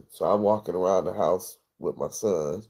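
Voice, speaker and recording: A man livestreaming, telling a personal story in a rambling, profane, intense way with a gravelly voice. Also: low-pitched, unhurried, darkish tone. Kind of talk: emotional storytelling monologue.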